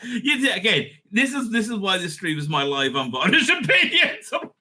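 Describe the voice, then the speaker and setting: A man's voice: high-pitched, big pitch swings, normal speed, bright, forceful tone. A middle-aged man hosting a casual live-stream review. He rambles, swears a lot and laughs often. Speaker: rabbi and show host.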